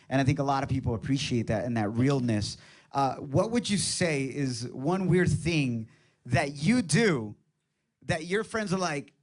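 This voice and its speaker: A man's voice: on the high side, unhurried. A male radio host whose first language is Spanish, chatting casually with a guest in an enthusiastic, rambling way. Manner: enthusiastic, rambling with many restarts. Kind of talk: casual radio interview chat.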